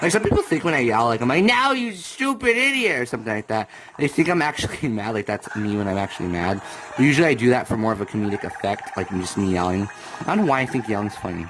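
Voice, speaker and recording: Rambling young man yelling for laughs. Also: fairly low pitch, fast, noisy background. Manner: chatty and rambling, bursts into comic yelling. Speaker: let's play gamer. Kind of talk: rambling gameplay commentary. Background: video game music.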